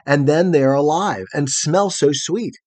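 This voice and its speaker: A man reading aloud and voicing an innocent, curious young girl who grew up in darkness, speaking gently and earnestly in a husky voice. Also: fairly high pitch, a little slow, voice pushed up. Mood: gentle, wondering.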